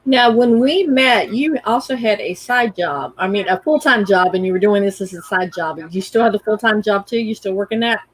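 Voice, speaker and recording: A woman's voice: medium pitch, fairly quick, few pauses, no room sound, low-quality recording. A woman hosting a casual interview, asking friendly, enthusiastic questions. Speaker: host.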